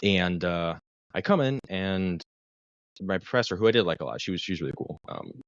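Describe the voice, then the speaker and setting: Deep-voiced man telling a profane, rambling story. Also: animated, brisk, no room sound, muffled recording. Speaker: guest, mental health clinician for first responders. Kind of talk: casual podcast chat, long personal story.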